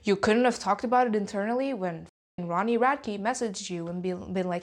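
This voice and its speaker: A woman vlogger giving heated, sweary commentary, with sharp jumps in pitch and nervous laughs between points. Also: lively intonation, moderate pace. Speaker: YouTube commentator. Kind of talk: heated ranting vlog commentary.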